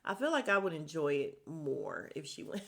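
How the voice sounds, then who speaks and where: A woman's voice: sits low, normal speed, creaky. A young woman hosting a podcast, recapping a reality show in blunt, gossipy casual chat and swearing freely. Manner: blunt, gossipy, swears freely, quotes cast members in animated voices.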